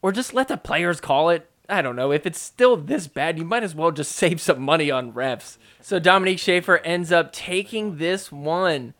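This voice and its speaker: A man's voice: a little high, animated, moderate pace, hardly any pauses, fairly bright tone. A man hosting a podcast, giving a casual, joking play-by-play recap of matches and poking fun at the referees. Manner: joking, mocks referees in quoted asides.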